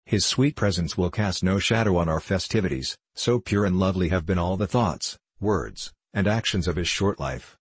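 A man voicing a gracious, kindly fairy queen in a storybook reading, regal and gentle in manner. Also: sits low, normal speed, few pauses, husky, no echo.

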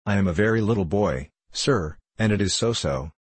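Man doing little orphan boy begging through tears, low husky voice, storybook. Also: expressive, normal speed, no room sound. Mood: pleading. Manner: pleading, tearful.

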